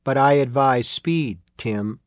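A man voicing a calm female guiding voice that speaks from a device, flat and measured in its advice. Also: mid-range voice, no echo, clean studio sound, natural voice. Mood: urging.

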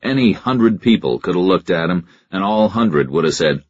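A man narrating a first-person crime story in a measured, deadpan way. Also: sits low, dry recording, dull audio. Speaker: audiobook narrator.

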